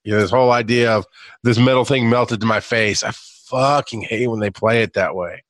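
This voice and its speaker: A man's voice: mid-range voice, fairly even intonation, moderate pace, fairly bright tone, no room sound. A man hosting a podcast who introduces topics in a laid-back, casual way and swears now and then. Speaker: podcast host. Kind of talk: casual chat.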